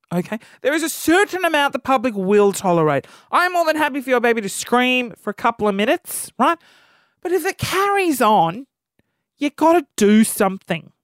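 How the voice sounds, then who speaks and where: Animated man ranting. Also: high voice, no echo, studio quality. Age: 30s. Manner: exasperated, animated storytelling. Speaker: podcast host. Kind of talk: comedic rant.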